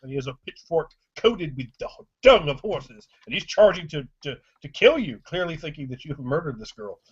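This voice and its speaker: A man's voice: fairly high pitch, sing-song, husky. Brooding man narrating a horror game. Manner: slow, brooding scene-setting. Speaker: game master. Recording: dull lo-fi recording.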